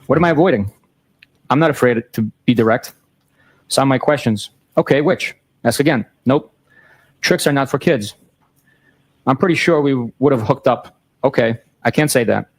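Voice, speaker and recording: A man in a courtroom reading text messages aloud in a flat, matter-of-fact way, timestamps included, into a courtroom microphone. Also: medium pitch, normal speed, long pauses.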